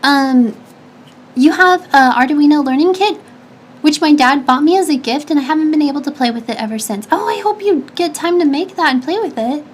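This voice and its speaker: A woman's voice: high voice, fairly quick, slight background noise. A young woman streamer and engineering student, chatting casually and giggling as she answers viewer questions, with lots of fillers and restarts.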